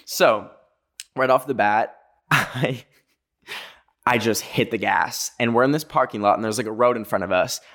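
A young man from North America hosts a podcast, telling a story in a mid-pitched voice. He talks with lots of "like" and breaks off for jokey asides to the listener. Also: moderate pace, pauses often, fairly bright tone. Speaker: podcast host.

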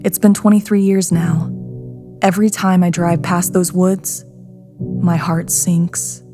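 A woman hosting a podcast, narrating a scary story in a hushed voice that often sinks to a whisper. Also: on the low side, fairly even intonation, slow. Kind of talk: scripted horror story narration. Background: background music.

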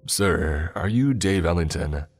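A man voicing a male police officer breaking bad news, speaking quietly and slowly. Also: deep voice, animated, breathy edge, faint music behind, heavily acted. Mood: somber.

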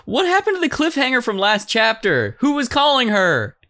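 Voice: medium pitch, wildly swooping pitch, moderate pace, bright, forceful tone, faint music behind. A podcast co-host bantering in a teasing, playful way. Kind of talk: casual comedic banter.

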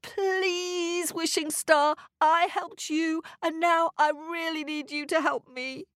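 A woman puts on an earnest young boy in a storybook. His high, pleading voice leaps up and down, and he speaks slowly and carefully in a dry, close sound. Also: lively intonation, no echo, exaggerated voice. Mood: eager.

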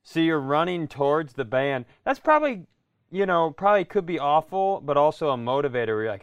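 A man's voice: fairly high pitch, big pitch swings, brisk, smooth, dry recording. A man co-hosting a podcast in casual comedic chat, asking rambling questions full of restarts. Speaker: podcast co-host.

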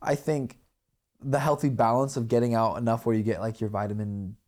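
A man's voice: medium pitch, steady tone, fairly quick, a little mellow. Rambling young man on a podcast. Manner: rambling, many fillers and restarts. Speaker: podcast co-host. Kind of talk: casual chat.

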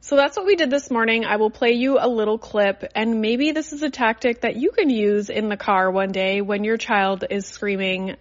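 In a casual solo podcast recorded in a car, a young adult woman from Canada rambles along, chatty and full of fillers. She talks at a moderate clip with few pauses in a fairly high voice, and the audio is dull.

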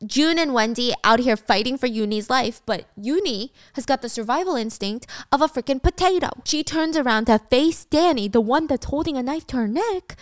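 A young woman recaps a dramatic story in a chatty, wry way. Her voice is a bit high, smooth and crisp. It sounds close and dry. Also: animated, normal speed, few pauses, no echo.

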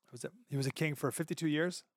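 A man's voice: fairly high pitch, very fast, no room sound, clean studio sound. A man hosting a podcast, telling a Bible story in an earnest, conversational, sermon-like way. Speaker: podcast host. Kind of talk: casual sermon-style commentary.

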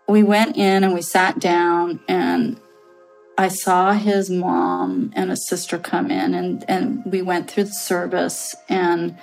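A woman's voice: on the low side, little pitch movement, takes it slowly, a little mellow, faint music behind, rough recording. Earnest woman telling a personal story. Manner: earnest, rambling, many fillers and restarts. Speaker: podcast guest telling her story.

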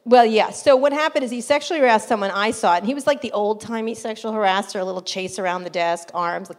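A middle-aged woman journalist, a guest in an interview, telling lively stories, acting out quotes with laughing asides. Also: medium pitch, a little fast. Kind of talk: casual storytelling interview.

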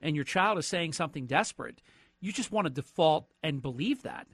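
Emphatic bright-voiced radio host man. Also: a little high, brisk, husky, no echo, clean studio sound. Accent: New Jersey. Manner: emphatic, animated, repeats words when excited. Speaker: radio talk show guest host. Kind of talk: call-in radio talk. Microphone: studio microphone.

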